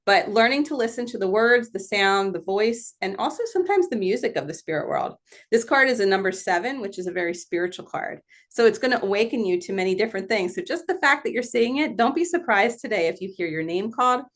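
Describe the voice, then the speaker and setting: A woman's voice: mid-range voice, fast talker. Chatty woman medium on a video call. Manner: chatty, animated, laughs often. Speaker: medium hosting a gallery session. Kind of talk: casual live-stream talk.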